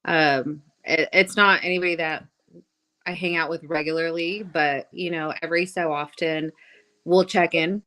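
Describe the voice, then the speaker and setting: Female podcast guest, lowish voice, soft and hesitant, casual chat. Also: steady tone, normal speed.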